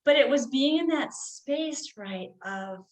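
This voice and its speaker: A woman with a somewhat high voice speaks as a guest on a podcast. She tells a personal story in a loose, conversational way. Her talk is full of "like" and "you know". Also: expressive, slow, roomy sound, low-quality recording. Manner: chatty, frequent "like" and "you know" fillers.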